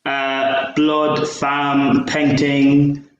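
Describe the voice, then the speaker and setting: A man's voice: a little high, completely flat delivery, very slow, heavy reverb, lo-fi sound, background noise. A man on a football fan panel, reading out viewer comments and chatting dryly.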